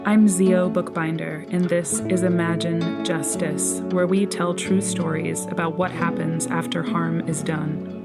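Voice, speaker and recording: A woman host introducing a podcast in scripted narration, with an even, measured delivery. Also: fairly low pitch. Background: guitar music.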